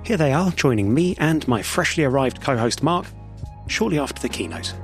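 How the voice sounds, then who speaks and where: A man hosting a podcast, narrating and chatting casually from a quiet corner at the back of a conference, self-deprecating and full of fillers. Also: mid-range voice, big pitch swings, normal speed, soft background music. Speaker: podcast host.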